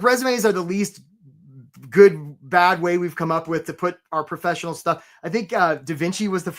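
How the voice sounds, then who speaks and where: Energetic man coaching a live webinar. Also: sits high. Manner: energetic and conversational, keeps asking "right?". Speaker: career coach hosting a webinar.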